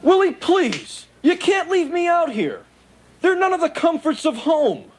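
A whiny wisecracking sitcom alien. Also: male voice, very high-pitched, very animated, heavily acted. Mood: pleading. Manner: quick wisecracks and whiny pleading. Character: wisecracking furry male alien houseguest, scheming and needy. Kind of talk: 1980s sitcom acting. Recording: loud studio audience laughter, noisy.

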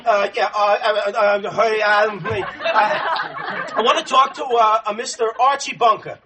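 A stammering, panicky young husband. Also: male voice, sits high, steady tone, unhurried, a crowd in the background. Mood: frantic. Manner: stammering, frantic. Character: panicky young husband whose wife is in labor. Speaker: expectant husband. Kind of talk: sitcom acting. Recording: studio audience laughter, noisy broadcast. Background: audience laughing.

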